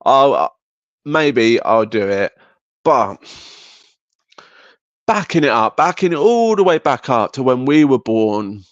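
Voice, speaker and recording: A man's voice: mid-range voice, big pitch swings, slow pace, pauses often, no room sound. Man, podcast host, casual chat, curious questions, dry close sound, muffled lo-fi audio.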